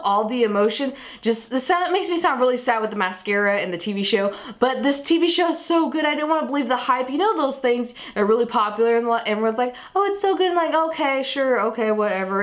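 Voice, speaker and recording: A young woman chatting casually in a monthly favorites vlog, gushing and full of "like" fillers. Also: on the high side. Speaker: beauty vlogger.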